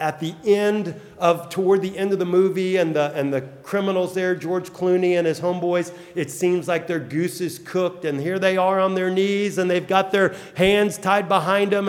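A man preaching a sermon in a conversational storytelling way, sometimes repeating words as he thinks. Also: high voice. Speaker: pastor. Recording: long hall reverb.

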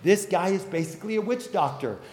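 A male preacher giving a sermon in a loose, conversational storytelling style, now and then stumbling over repeated words. His voice sits somewhat high for a man. Long reverb from a church sanctuary trails every phrase. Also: expressive, fairly quick, a little mellow. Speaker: pastor.

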